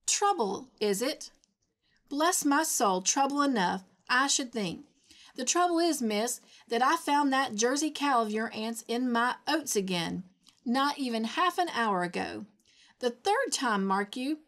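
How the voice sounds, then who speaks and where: Lady doing a furious old farmer guy, spluttering and indignant, voice jumps up high. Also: normal speed, lightly acted. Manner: spluttering, indignant, repeats "miss". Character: short fat bald irate old farmer man.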